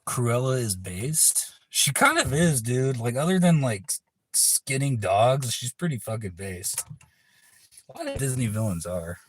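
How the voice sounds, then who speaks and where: A man's voice: medium pitch, lively intonation, unhurried, slight background noise. A man hosting a livestream in casual chat, laid-back, rambling and profane. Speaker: livestream host.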